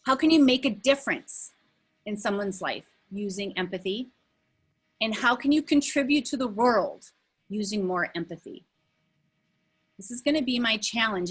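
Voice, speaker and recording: Husky-voiced woman leading a video-call workshop. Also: fairly high pitch, a bit bright, rough recording. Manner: conversational, with many fillers and restarts. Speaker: workshop facilitator. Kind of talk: live online workshop talk.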